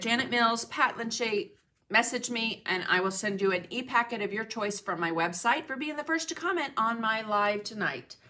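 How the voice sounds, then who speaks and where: A middle-aged woman chats on a casual livestream, greeting viewers by name and laughing easily. Her voice is bright and clear at a medium pitch. It is picked up by a webcam microphone in her home studio. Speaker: art journaling livestream host.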